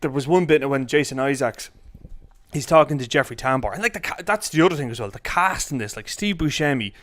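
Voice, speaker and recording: A man talking films in a casual chat, rambling and saying "like" a lot. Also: medium pitch. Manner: rambling, heavy use of "like", quick bursts of excitement. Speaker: film critic.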